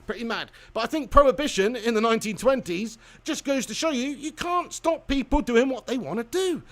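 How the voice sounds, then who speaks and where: A man's voice: very high voice, lively intonation, fairly quick. A man hosting a live stream, chatting casually and giving rambling, opinionated views with repeated words. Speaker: host of a live match watch-along.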